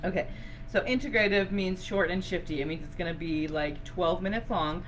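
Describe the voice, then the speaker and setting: A woman's voice: lowish voice, normal speed, noisy background. A woman teaching breathwork on a live online session, chatty and effusive, laughing often and using a lot of fillers. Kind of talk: casual live-stream teaching.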